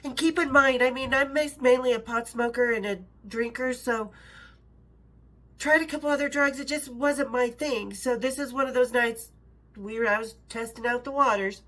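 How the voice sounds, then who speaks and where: A middle-aged woman, an author and storyteller, reads her own memoir aloud in a fairly high, slightly bright voice at normal speed with fairly even intonation. She's chatty, laughing between passages and interrupting herself with asides.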